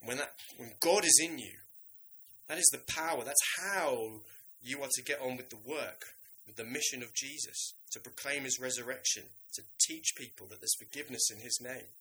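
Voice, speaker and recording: Bright-voiced animated male preacher. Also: mid-range voice, moderate pace, low-quality recording. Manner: animated, conversational, acts out biblical voices. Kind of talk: sermon.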